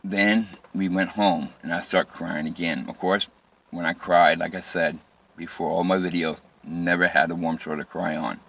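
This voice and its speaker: A man telling a personal story from his life in plain, halting phrases with frequent restarts and repetition. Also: deep voice, steady tone, creaky, a bit bright.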